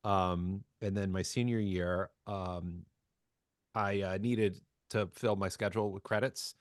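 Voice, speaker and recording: A man's voice: low-pitched, steady tone, takes it slowly, no room sound, clean studio sound. A man from New Jersey, a voice actor guesting on a podcast, telling his story in a chatty, jokey, self-deprecating way. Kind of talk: casual storytelling interview.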